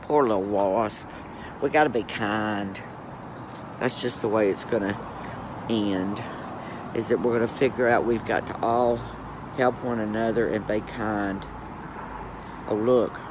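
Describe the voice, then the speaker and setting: A man's voice: mid-range voice, slight background noise. Guy gossiping into his phone at home, campy, takes his sweet time, cusses a lot. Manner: campy, chatty, swears freely. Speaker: vlogger in lockdown. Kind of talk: casual storytelling to camera. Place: at home during lockdown.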